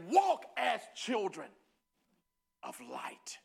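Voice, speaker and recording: A Northeast Texas preacher with a Southern Texan accent delivers a sermon that shifts from quiet musing to loud, drawn-out exclamation. His voice sits high and animated, and he laughs and exclaims often.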